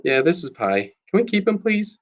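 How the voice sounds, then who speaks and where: A man's voice: mid-range voice, lively intonation, normal speed, slightly rough, dull audio. A man reading the lines of an upset, stubborn young girl who pleads and snaps. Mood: pleading. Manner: pleading, snapping.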